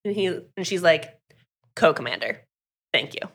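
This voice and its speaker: A woman's voice: low voice, lively intonation, moderate pace, gravelly, fairly bright tone. A woman co-hosting a podcast, chatting casually and acting out characters' lines with lots of "like". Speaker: podcast co-host recapping a book. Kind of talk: casual chat.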